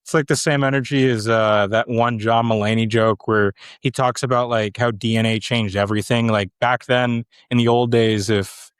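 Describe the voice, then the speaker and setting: A man co-hosting a podcast, easygoing and full of fillers as he tells funny stories. His mid-pitched voice is dry and close, with no room sound. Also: moderate pace, few pauses, clean tone, dry recording. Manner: relaxed, anecdotal, filler-heavy. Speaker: co-host. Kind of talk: casual podcast chat.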